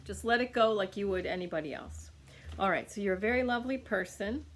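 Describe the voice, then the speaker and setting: A woman's voice: mid-range voice, normal speed, a bit bright. Woman doing a chatty healing reading, lots of ums and restarts, bit of hiss behind. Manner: chatty, rambling, many fillers and restarts. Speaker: energy healer reading for a client. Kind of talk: casual recorded healing reading.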